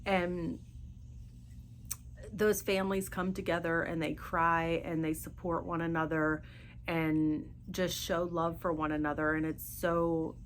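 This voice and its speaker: A middle-aged woman hosting a podcast, talking earnestly and haltingly about grief and faith, often searching for her words. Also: fairly low pitch, flat delivery, a little hiss or hum. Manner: speaks openly of grief and faith. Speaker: podcast host. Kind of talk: personal monologue.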